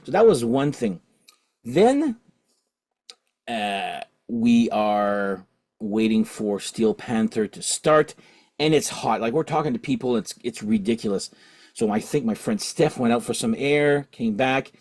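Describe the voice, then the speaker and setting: A man's voice: animated, measured pace, darkish tone. A man hosting his rock channel, rambling through a story in a casual rant. He keeps correcting himself and asking "okay?", and he sounds tipsy. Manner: jumps higher in pitch and volume when quoting himself and his friend. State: drinking alcohol while recording. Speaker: host of a rock and vinyl channel.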